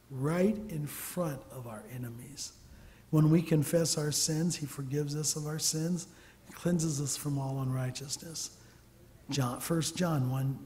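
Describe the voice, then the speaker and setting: A man's voice: a little high, mellow. Preaching man in a reverberant hall. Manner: storytelling preacher, acts out dialogue, drops to near whispers. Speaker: church elder teaching. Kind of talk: sermon. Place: church sanctuary. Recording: long reverb of a large hall.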